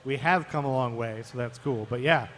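Speaking fairly quickly in a mid-range, fairly bright voice, this podcast co-host from Ohio tells history stories with chatty playfulness. It's a live show on a stage, and the sound carries a long reverb.

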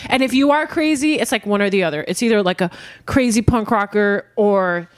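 A woman from Sweden, a relaxed and teasing guest on a casual podcast recorded at her home, laughing often. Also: medium pitch, fairly quick. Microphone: handheld mic, sometimes too far.

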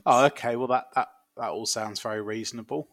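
A man co-hosting a podcast in casual chat, playful and quick with silly bits. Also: mid-range voice, fairly even intonation, a bit bright, no room sound, clean studio sound. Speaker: podcast co-host.

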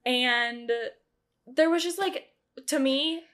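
A young woman chatting casually as a co-host, her voice sitting a little high. She fills her talk with "like" and her pitch jumps up often as she tells a story. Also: takes it slowly. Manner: chatty, heavy use of "like", animated rises. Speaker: podcast co-host. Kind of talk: casual chat.

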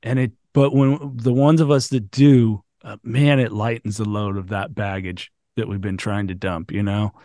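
A man's voice: on the low side, steady tone, moderate pace, few pauses, mellow, no room sound, studio quality. A man hosting a casual conversation, encouraging and blunt, swearing freely.

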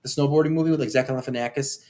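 A young man in casual podcast chat, swearing freely and retelling movie scenes with animated quoted voices. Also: medium pitch, racing, noisy background. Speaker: podcast co-host.

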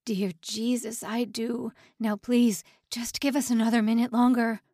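A woman's voice: fairly high pitch, flat delivery, measured pace, warm tone, no room sound, clean studio sound. A woman voicing a desperate young male prisoner who pleads and speaks tenderly to his bride. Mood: pleading.

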